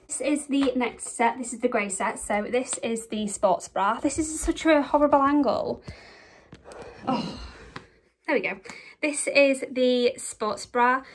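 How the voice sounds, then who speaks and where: A young woman talks casually through a clothing haul, a little breathless. Her voice sits slightly high, and she chats in a giggly way full of fillers. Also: unhurried, a little hiss or hum. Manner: chatty, giggly, lots of fillers. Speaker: vlogger. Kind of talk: casual try-on haul chat.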